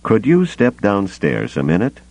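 A man voicing a tense male crewman in an audiobook, pitched higher with lively inflection. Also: unhurried, gravelly, exaggerated voice.

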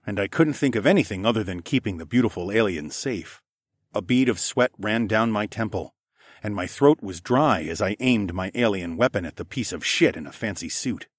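A man giving steady, matter-of-fact first-person audiobook narration. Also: lowish voice, no room sound, studio quality.

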